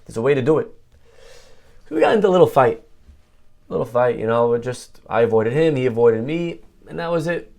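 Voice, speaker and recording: Gravelly-voiced rabbi telling a story. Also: male voice, mid-range voice, fairly quick, long pauses. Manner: animated storyteller, conversational. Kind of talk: sermon with personal storytelling.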